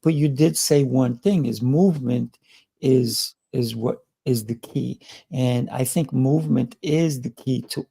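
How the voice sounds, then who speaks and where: A man's voice: medium pitch, measured pace, vocal fry, mellow, slightly rough. A male host in an interview, encouraging his guest and often repeating words as he starts a sentence. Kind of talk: interview conversation.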